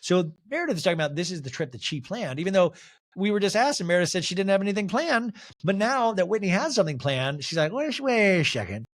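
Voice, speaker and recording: A man's voice: sits high, fast talker. A man hosting a solo podcast, recapping a reality show and acting out the quotes in mimicking voices. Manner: animated, mimics cast members' voices. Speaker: podcast host.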